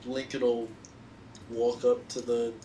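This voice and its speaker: Male player, offhand casual chat, monotone, heard on a distant mic. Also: medium pitch, slow pace, slight background noise.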